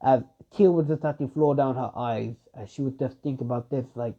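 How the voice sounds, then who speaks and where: A man's voice: mid-range voice, fairly quick. A young man improvising a fan story, rambling and stacking up filler words as he goes, on a dull lo-fi recording.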